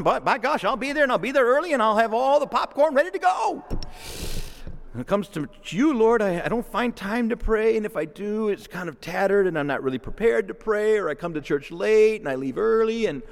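A man preaching a homily in a church, moving between fervent outbursts and quiet, prayerful asides. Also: a little high. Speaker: priest. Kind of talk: sermon. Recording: long reverb of a church hall.

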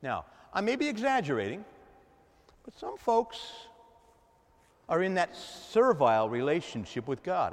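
A man preaches to his congregation with animated delivery, his voice climbing fairly high and ranging widely. He acts out voices and swings between loud and soft. A long reverb from the church hall trails his words. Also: measured pace, pauses often. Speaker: pastor. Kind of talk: sermon.

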